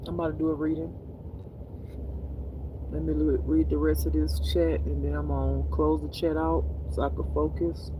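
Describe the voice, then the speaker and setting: A tired man talks loosely to his live-stream viewers through a phone, and his voice sits a little high for a man. He is chatty and animated, laughing often and calling his listeners y'all. A faint hum of noise runs behind him. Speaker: spiritual reader streaming live. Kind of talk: casual live-stream chat.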